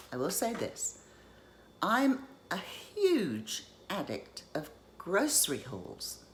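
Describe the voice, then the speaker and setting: A woman's voice: low-pitched, a little hiss or hum. A woman chatting to her viewers in a self-deprecating vlog monologue. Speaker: YouTube haul vlogger.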